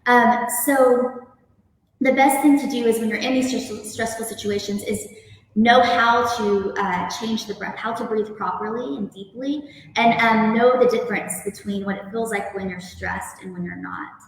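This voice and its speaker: A woman yoga instructor speaking calmly, gently guiding breathing and stretches. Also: a little high, moderate pace, heavy reverb, in a large hall, recorded from a distance, slight background noise, low-quality recording. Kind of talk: guest interview then guided yoga instruction.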